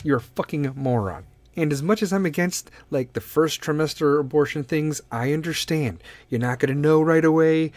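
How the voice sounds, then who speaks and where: A man's voice: on the high side, moderate pace, darkish tone, no room sound. A man hosting a casual solo podcast, talking bluntly and swearing a lot as he gives his opinions. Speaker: podcast host.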